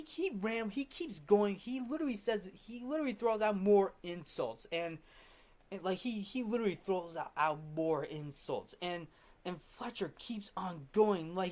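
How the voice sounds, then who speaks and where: A man's voice: sits high, darkish tone. Rambling man recapping a film. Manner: rambling, repeats "literally", many restarts. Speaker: film review host.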